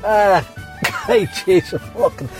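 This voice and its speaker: A man's voice: high voice, slow, soft background music. A drunk man with an Irish accent rambling through a foul-mouthed sign-off as a podcast co-host. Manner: heavy swearing, slurred and rambling.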